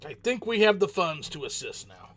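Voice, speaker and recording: A man's voice: sits high, sing-song, normal speed, a bit bright, faint music behind. Chatty man playing a game. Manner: joking, chatty, talks back to game characters. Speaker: gaming channel host. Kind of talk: let's play commentary.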